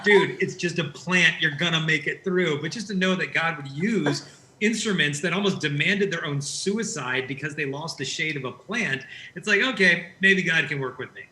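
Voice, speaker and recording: Male guest, high-ish and bright, animated storyteller, roomy echoey sound. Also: moderate pace. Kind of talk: conversational interview. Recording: roomy echo.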